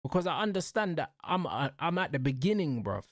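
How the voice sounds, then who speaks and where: A man's voice: a little high, very animated, brisk, no room sound, clean studio sound. A young man, hosting and ranting casually about football in heated, repetitive street slang. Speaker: show host.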